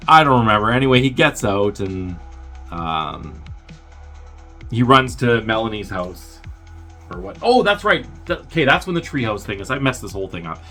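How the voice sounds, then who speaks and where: Low-voiced man rambling through a movie recap. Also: very animated, bright, forceful tone, faint music behind. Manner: rambling and offhand, with quick impressions of characters. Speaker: podcast host.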